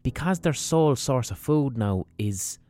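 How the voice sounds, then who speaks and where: A man's voice: mid-range voice, measured pace, no room sound. An Irish man hosting a podcast, telling a rambling, swearing comic monologue. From Ireland. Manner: rambling, swearing, animated storytelling. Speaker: podcast host.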